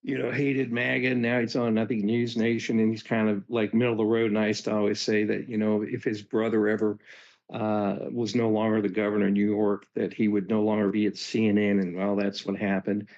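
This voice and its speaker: A man's voice: fairly low pitch, little pitch movement, normal speed, a little mellow. A man chatting about politics on a live talk show, speaking with casual hesitations. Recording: somewhat dull lo-fi audio.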